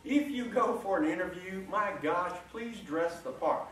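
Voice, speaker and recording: A middle-aged man giving a folksy, animated motivational talk to a room, coaxing the audience along. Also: sits high, unhurried. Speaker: guest speaker. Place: large lecture room. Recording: echoey room, distant mic, faint hiss.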